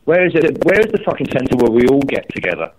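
A man's voice: mid-range voice, fast talker. A man from Scotland, angrily telling a story and swearing heavily while he chats. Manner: angry, swearing, animated storytelling. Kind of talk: heated casual chat. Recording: tinny phone line.

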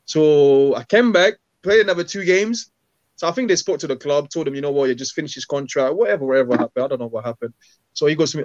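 A former footballer, telling stories in a casual interview and acting out what people said, using street slang. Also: male voice, fairly high pitch, quick pace, no room sound. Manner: animated, acts out quoted dialogue, street slang. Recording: dull, dry recording.

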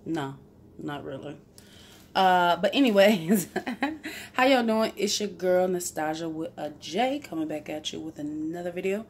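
Slow-talking chatty woman vlogger. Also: lowish voice, animated, slightly rough. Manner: chatty, playful, laughs at herself. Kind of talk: casual cooking vlog. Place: home kitchen.

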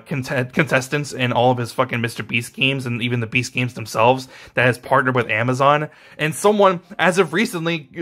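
Young male commentator, mid-pitched voice, ranting and rambling, lots of swearing and fillers. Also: a bit bright. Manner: frustrated, profane, rambling with fillers. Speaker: YouTube commentator.

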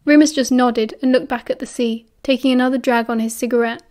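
A woman with a British accent reading an audiobook in an even, measured way. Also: on the high side. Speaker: audiobook narrator. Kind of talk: audiobook narration.

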